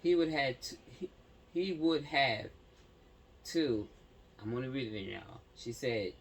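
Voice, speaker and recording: A man's voice: mid-range voice, animated, measured pace, a little hiss or hum. A man reading a news story aloud, stumbling over words and breaking off for slangy asides to his viewers. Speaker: commentary channel host.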